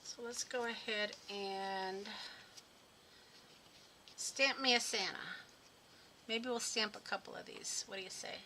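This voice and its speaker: A woman hosting a live card-making demo, talking easily as she works and musing aloud about what to do next. Her voice sits at an ordinary middle pitch. A clear clicking noise runs steadily behind her. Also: steady tone, slow pace, long pauses, pushed and bright, low-quality recording. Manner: chatty, thinking aloud while working. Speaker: card-making tutorial host. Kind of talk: live craft demo chat.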